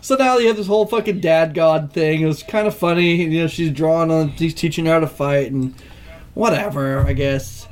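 A man with a high voice talks casually about a film. He rants loudly and swears a lot, and his voice keeps jumping up into even higher bursts. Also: normal speed. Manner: ranting, profane, animated. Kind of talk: casual movie discussion.

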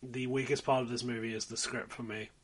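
A man co-hosting a film review podcast, chatting casually with a dry, wry manner and trailing off quietly at the ends of thoughts. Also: mid-range voice, flat delivery, fairly quick. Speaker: podcast co-host.

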